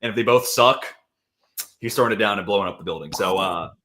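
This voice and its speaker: A man with a fairly low voice co-hosts a football show and talks quickly. His delivery is loose and conversational, full of "dude" and "like." He hands the questions over to his co-host. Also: sharp tone. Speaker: fantasy football podcast co-host. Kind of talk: casual sports chat.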